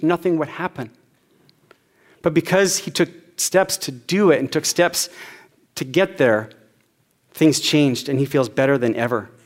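A man in his forties preaching a sermon as a pastor, telling personal stories in a conversational way. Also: fairly high pitch.

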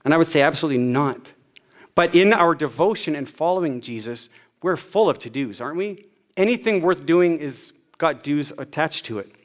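A man's voice: fairly high pitch, expressive, moderate pace. A man in his forties preaching a sermon as a pastor, telling personal stories in a conversational way.

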